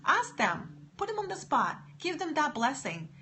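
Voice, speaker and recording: A woman talking to camera in a faith-based pep talk. She moves between hushed, soft lines and loud, excited encouragement. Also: high-pitched, moderate pace, slight background noise. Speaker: motivational vlogger.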